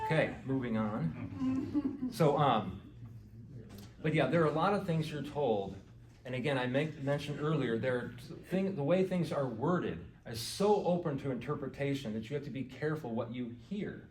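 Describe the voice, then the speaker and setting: A man's voice: mid-range voice, animated, normal speed, a little mellow. A man giving a casual lecture to a garden club audience, talking conversationally, quizzing the listeners and often saying "you know". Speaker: garden club speaker and author. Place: indoor meeting hall with audience. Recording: echoey hall recorded from far off.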